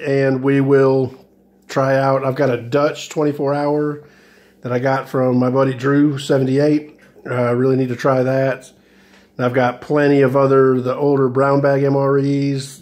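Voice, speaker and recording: Guy reviewing a meal ration on his channel, kinda monotone, lots of ums and restarts. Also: medium pitch. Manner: rambling, hesitant, many fillers and restarts. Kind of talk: casual food review vlog.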